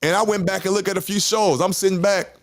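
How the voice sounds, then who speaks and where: A man's voice: sits high, fairly even intonation, quick pace. Candid rambling man in his fifties. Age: 50s. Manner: candid, rambling, repeats himself and swears. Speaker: podcast host. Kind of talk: casual chat.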